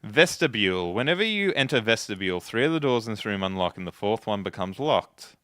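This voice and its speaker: A man's voice: fairly low pitch, big pitch swings, a little fast, a bit bright, no echo, studio quality. A man giving casual gameplay commentary, chatting and musing aloud to himself as he plays. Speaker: let's play host.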